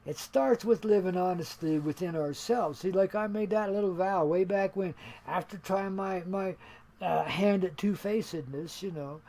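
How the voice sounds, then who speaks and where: A high-pitched, gravelly older man hosts a homespun radio show. He rambles in a laid-back, folksy drawl and laughs easily at his own jokes. At times he drifts a bit away from the mic. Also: a little mellow. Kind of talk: rambling spiritual monologue.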